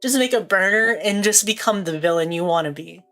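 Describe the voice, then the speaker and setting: A woman's voice: mid-range voice, animated, brisk, fairly bright tone, faint music behind. Rambling, jokey young woman streamer. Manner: rambling, jokey, laughs often. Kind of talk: casual stream chat.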